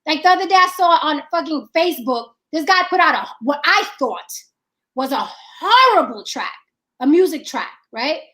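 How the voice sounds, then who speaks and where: High-voiced woman, blunt and profane. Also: lively intonation, normal speed, fairly bright tone. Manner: blunt and profane, emphatic repetition. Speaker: filmmaker. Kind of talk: casual chat.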